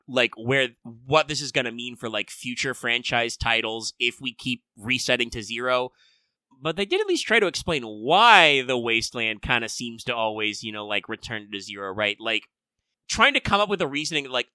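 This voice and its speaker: A man co-hosting a casual chat about games and shows, rambling with lots of fillers and quick mock voices. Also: medium pitch, bright, forceful tone, no room sound. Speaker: podcast co-host.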